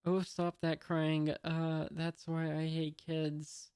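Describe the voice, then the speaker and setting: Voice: mid-range voice, slow, clear, resonant tone, no room sound. A reader voicing a spoiled, cruel rich young man while reading a comic aloud, saying his lines plainly. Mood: sneering. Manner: reads the lines flatly, barely changing voice.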